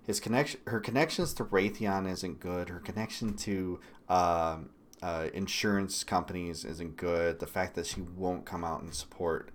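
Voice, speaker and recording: Michigan guy on a politics stream, kinda low voice, swearing a lot, blunt rants. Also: slight background noise. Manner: blunt, profane ranting with sudden loud bursts. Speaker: livestream host.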